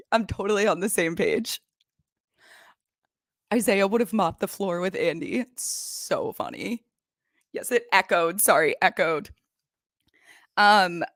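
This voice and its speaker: A young woman hosting a casual recap show, retelling scenes in a gossipy, animated way. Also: fairly low pitch, no room sound, clean studio sound. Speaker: recap podcast host. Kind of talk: casual chat. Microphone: desk microphone.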